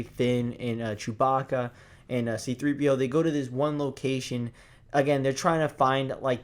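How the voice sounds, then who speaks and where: A young man giving a casual movie review, excited and profane, rambling with lots of restarts. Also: mid-range voice.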